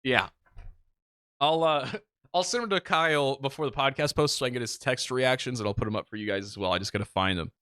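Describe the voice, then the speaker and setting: A man co-hosts a podcast and tells a story in an animated, self-mocking way, swearing freely. His voice is forceful and bright, set at an average pitch. The recording is close and dry. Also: brisk, clean tone, dry recording. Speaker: podcast co-host. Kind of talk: casual storytelling chat.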